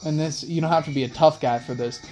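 A young man hosting a rambling late-night monologue in laid-back slang, with soft music playing behind him. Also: on the high side, fairly even intonation, quick pace. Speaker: host. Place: in a car.

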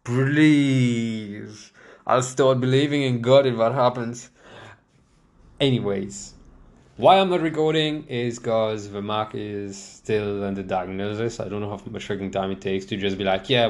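A young man hosting his own podcast, rambling casually and mocking himself as he talks from a chair at home. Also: on the low side. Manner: rambling, self-mocking, many restarts and laughs. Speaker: podcast host. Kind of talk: casual solo podcast chat. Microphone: desk microphone, seated in a chair.

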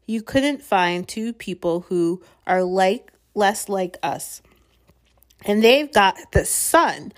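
A woman reading aloud, voicing an older stern female witch professor who speaks in a trembling, anxious, pleading way. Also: medium pitch.

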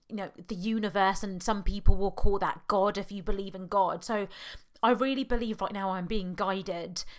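A British woman, a parent and hypnotherapist, talking through a personal podcast monologue in an earnest, heartfelt way with halting pauses and fillers. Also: mid-range voice, fairly bright tone. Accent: British English.

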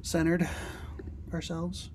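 A woman's voice: fairly low pitch, monotone, takes it slowly, a little mellow, a little hiss or hum. A young woman co-hosting a casual podcast, laid-back and chatty, tossing in slang. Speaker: podcast co-host. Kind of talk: casual chat.

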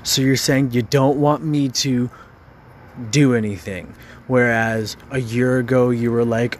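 A man of middle pitch pours out an angry, frustrated rant. He swears often and stumbles over repeated words as he pushes on. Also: fairly even intonation, normal speed, slight background noise. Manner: frustrated, profane, stammering repeats.

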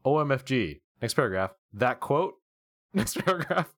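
A man co-hosting a podcast, reading posts aloud in a casual, animated way and laughing at them. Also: medium pitch, normal speed, no echo, clean studio sound. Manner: reads quotes in an animated, laughing voice. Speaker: podcast co-host.

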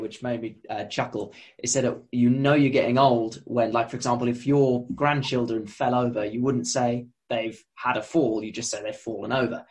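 Friendly conversational podcast host man. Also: medium pitch. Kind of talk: podcast interview.

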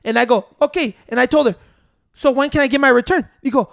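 High-voiced man telling a story. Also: quick pace, creaky, dry recording, studio quality. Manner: rambling, profane, mixing in Spanish, keeps saying "wait". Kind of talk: casual storytelling among friends.

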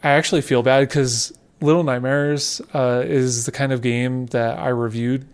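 A man chats through a casual podcast conversation in a relaxed, conversational way, describing things loosely as he goes. His mid-range voice carries plenty of creaky fry. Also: mid-range voice, moderate pace. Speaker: podcast co-host.

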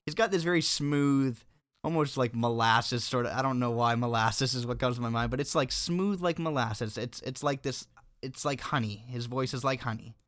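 A man's voice: medium pitch, moderate pace, fairly bright tone, dry recording, clean studio sound. Easygoing man co-hosting a movie podcast. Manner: easygoing, laughs along. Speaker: podcast co-host. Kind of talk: casual chat.

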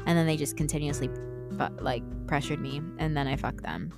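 Young woman, podcast host, low-ish voice, profane rant, animated, faint guitar music behind. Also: brisk, creaky. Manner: candid and heavily profane, ranting; animated, shifts into mocking outbursts.

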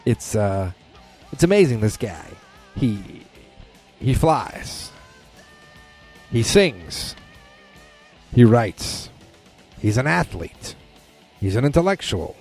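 A man's voice: medium pitch, expressive, slow pace, gravelly, pauses often, darkish tone, faint music behind. A man hosting a casual solo podcast, rambling with many restarts and fillers. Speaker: podcast host. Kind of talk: casual monologue.

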